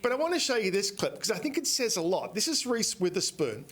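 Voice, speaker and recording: A man's voice: high voice, sing-song, brisk, a little hiss or hum. A man who is an entertainment editor, chatting enthusiastically on a morning TV entertainment segment.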